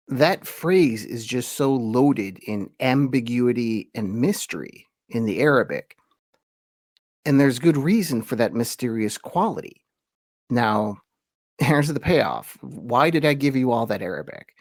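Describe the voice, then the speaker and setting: A man hosting a conversational lesson, explaining in a relaxed, chatty way and reading quoted verses slowly with emphasis. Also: mid-range voice, dry recording, clean studio sound. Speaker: host and teacher.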